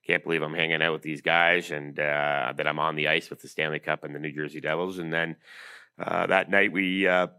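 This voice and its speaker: A middle-aged man in a casual interview, telling stories quickly with plenty of fillers. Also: very deep voice, smooth. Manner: fast, animated storyteller with lots of fillers. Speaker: guest, keeper of a trophy.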